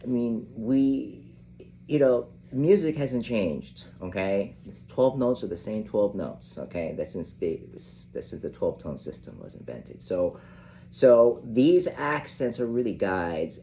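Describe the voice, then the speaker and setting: An older man teaching saxophone in an unhurried, rambling way, often restarting his sentences. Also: fairly low pitch, warm tone, a little hiss or hum. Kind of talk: casual instructional talk.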